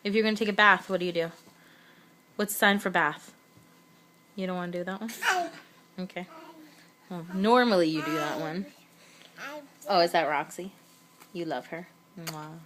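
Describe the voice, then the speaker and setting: A woman talking slowly and encouragingly to her toddler at home, praising each answer. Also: fairly low pitch, fairly even intonation, a crowd in the background. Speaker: mother. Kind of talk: baby talk with a toddler. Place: home, at a changing table. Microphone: camera recording.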